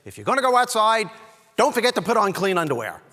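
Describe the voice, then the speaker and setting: A man putting on his exasperated, nagging mother in a shrill, scolding voice. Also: sing-song, fast, pushed and bright, long reverb tail, exaggerated voice. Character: exasperated nagging mother yelling through the house.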